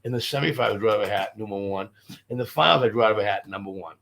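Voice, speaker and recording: A fast-talking, gravelly comedian from Boston, a man with a fairly low voice, appears as a guest in a casual storytelling interview. He's profane and animated, rambling through his anecdotes.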